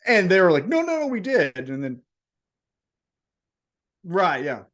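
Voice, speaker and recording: Animated, foul-mouthed podcast co-host, a man. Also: high-pitched, unhurried, pauses often. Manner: animated, profane, acts out voices in the story. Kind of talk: casual wrestling podcast storytelling.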